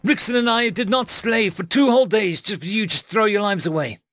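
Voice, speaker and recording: A man's voice: high voice, a little fast, a bit bright, no echo, studio quality, soft background music, voice pushed up. Rose, a man doing a breathless fire mage woman. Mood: breathless, fierce. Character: exhausted young woman fire mage, fierce.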